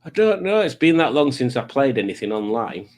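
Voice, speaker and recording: A man in the middle of a casual live stream, chatting away in a loose, rambling manner. His pitch sits right in the ordinary middle range, and he jokes easily while he greets the people in the chat. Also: big pitch swings, fairly quick, darkish tone. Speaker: livestream host. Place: home streaming setup with lights.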